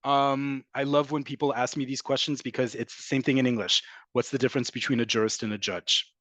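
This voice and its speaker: A man's voice: mid-range voice, fairly even intonation, fairly quick, a bit bright, dry recording. A man teaching a live online Hebrew class, emphatic and repetitive, drilling pronunciations and addressing viewers as folks. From from an American family.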